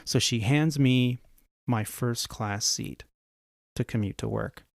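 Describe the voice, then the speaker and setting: A podcast host who also flies for an airline tells anecdotes conversationally, acting out the other people in his stories. His medium-pitched voice is slow with vocal fry, recorded dry and clean in a studio.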